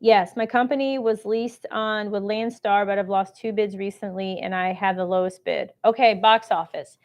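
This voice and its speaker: On her live shopping stream about government contracting, a woman answers and reads out viewer comments in a chatty, sales-minded manner. Her mid-range voice holds a steady tone at a moderate pace.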